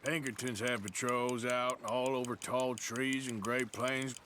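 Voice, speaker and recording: An actor playing a weary outlaw who answers in a dry, sardonic, unhurried way in a game. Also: male voice, mid-range voice, flat delivery. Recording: game audio with loud background noise.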